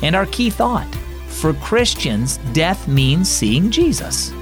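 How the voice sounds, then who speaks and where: A man's voice: high-pitched, big pitch swings, slow pace, over loud music. A man hosting a children's devotional program, reading a story and teaching in a scripted narration. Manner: warm storytelling read, acts out character lines.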